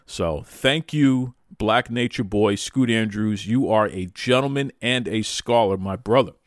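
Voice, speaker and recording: A man hosting a wrestling talk show, excitable and playful, hyping people up with exaggerated praise. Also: on the low side, a little slow, no room sound, studio quality. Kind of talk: hyped casual podcast talk.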